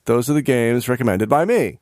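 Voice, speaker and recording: A man of middle pitch hosts a podcast, rambling through recommendations with a lot of ums and uhs. His voice jumps up and down in pitch, and the sound is dry and close. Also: animated, fairly quick, darkish tone, dry recording. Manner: rambling, filler-heavy, easily flustered. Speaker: podcast host. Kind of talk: casual chat.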